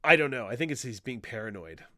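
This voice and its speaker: A man's voice: medium pitch, expressive, fast, sharp tone, dry recording. A man co-hosting a podcast in casual chat, animatedly retelling a comic plot, swearing freely and acting out quotes. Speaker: podcast co-host.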